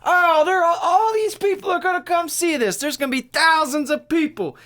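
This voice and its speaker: A man voicing an overexcited old farmer in a loud, high, gushing way. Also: moderate pace. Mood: thrilled.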